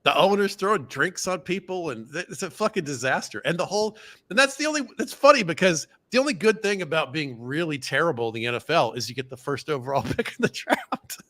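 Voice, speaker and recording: A man's voice: on the high side, animated, quick pace, pushed and bright. A man chatting casually about football on a podcast, wry and blunt, often laughing. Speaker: podcast guest. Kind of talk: casual sports chat.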